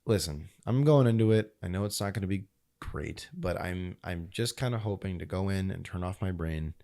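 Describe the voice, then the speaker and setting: Male podcast co-host, lowish voice, loose and opinionated, swears freely. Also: normal speed, mellow. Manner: laughing, swearing, opinionated film talk. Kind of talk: casual chat.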